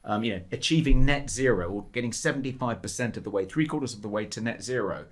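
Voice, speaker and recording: Sardonic man, halting delivery. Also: mid-range voice. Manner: hesitant and sardonic, lots of ums, mocking quotes. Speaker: podcast co-host. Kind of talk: casual political chat. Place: podcast studio.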